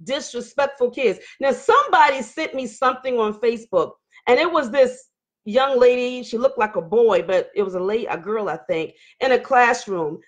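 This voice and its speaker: A woman's voice: on the high side, lively intonation, normal speed. A middle-aged woman hosting a live online talk show, reading viewer comments and preaching with fired-up energy, hollering at times.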